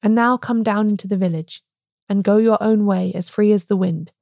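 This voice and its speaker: A woman voicing a calm, grave old priest-detective in a storybook reading, speaking quietly and gently. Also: medium pitch, normal speed, gravelly, dry recording, studio quality, natural voice.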